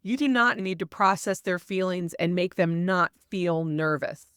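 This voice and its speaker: A woman hosting a parenting podcast, explaining advice in a calm, steady way and sometimes livening up to model what a parent might say. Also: lowish voice, unhurried, smooth, dry recording, clean studio sound. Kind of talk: advice monologue.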